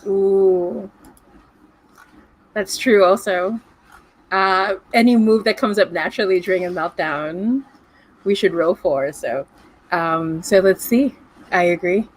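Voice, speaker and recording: A woman running a tabletop role-playing game over a video call, playful and animated, with dramatic gasps. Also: medium pitch, takes it slowly, pauses often, low-quality recording. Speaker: game master.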